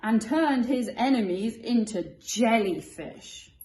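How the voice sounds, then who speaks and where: A woman voicing a band of nasty storybook pirates, shouting loud and rough in a raised voice. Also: on the high side, lively intonation, slow pace, roomy sound, voice pushed up. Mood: boastful.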